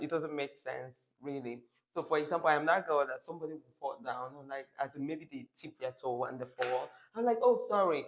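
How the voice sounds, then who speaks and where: A woman's voice: low voice, rough recording. Woman, 30s, vlogger; casual monologue, blunt, emphatic, freely profane. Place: lives in Spain.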